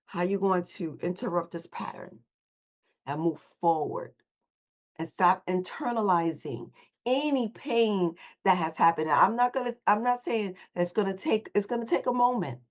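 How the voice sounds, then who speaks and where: A woman's voice: mid-range voice, dull audio. A woman hosting a motivational morning call, coaching listeners and having them repeat affirmations back to her. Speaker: host and voice coach.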